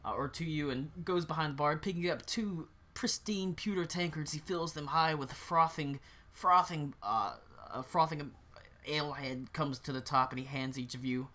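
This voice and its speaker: Bright-voiced game master narrating. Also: male voice, fairly high pitch, moderate pace. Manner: rambling, filler-heavy narration.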